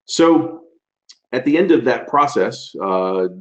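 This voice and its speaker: A man's voice: mid-range voice, expressive, slow, dull audio. A man in his forties presenting a webinar, telling a story in a loose, chatty way with plenty of fillers. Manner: chatty, loose delivery with many fillers and restarts. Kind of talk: conversational storytelling lecture.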